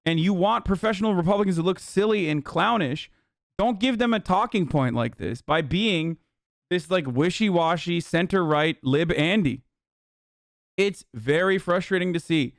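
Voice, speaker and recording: A male streamer rants about politics in a heated, profane and rambling way. His voice sits a little high. The sound is dry and close, with no room echo. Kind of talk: livestream commentary reacting to chat.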